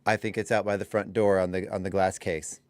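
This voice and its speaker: A man's voice: low voice, little pitch movement, fairly quick, no room sound. A man co-hosting a morning radio show, chatty and rambling, at a studio microphone. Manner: chatty, rambling, self-correcting. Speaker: radio co-host.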